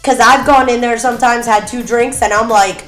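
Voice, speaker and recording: A woman's voice: on the high side, fairly even intonation, moderate pace, fairly bright tone. A young woman co-hosting a casual chat, telling a story in a rambling way with plenty of ums and giggles. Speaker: podcast co-host. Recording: echoey room with music behind.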